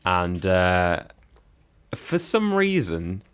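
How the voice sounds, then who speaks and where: A man co-hosting a podcast, telling stories in a dry, unhurried way. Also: sits low, big pitch swings, fairly bright tone, clear, resonant tone. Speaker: podcast co-host. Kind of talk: casual chat.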